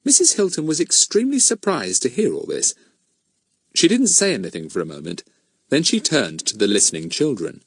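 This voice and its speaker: Man narrator, children's storybook, very lively pitch, dry close sound. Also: a little fast, slightly rough, no echo. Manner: expressive storytelling. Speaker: audiobook narrator. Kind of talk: scripted narration.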